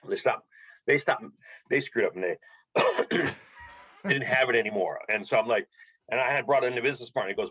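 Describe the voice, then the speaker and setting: A middle-aged man telling animated stories as an interview guest, acting out the dialogue. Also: mid-range voice, a little fast, long pauses, slightly rough, rough recording. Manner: animated storyteller, acts out dialogue. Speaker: podcast guest, bike fitter. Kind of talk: storytelling interview.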